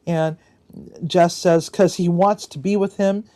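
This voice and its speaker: Lady hosting a stream, lowish voice, slow and easy, reading answers and laughing a lot. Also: steady tone, mellow. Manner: reads answers aloud, chatty asides, laughs often. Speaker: livestream host. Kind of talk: casual livestream, reading out game answers.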